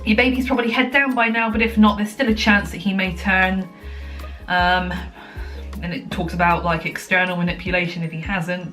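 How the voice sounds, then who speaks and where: A woman's voice: mid-range voice, fairly bright tone. A young woman chatting casually to camera at home, a little out of breath, rambling with lots of ums and likes. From United Kingdom. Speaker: vlogger. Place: at home, indoors.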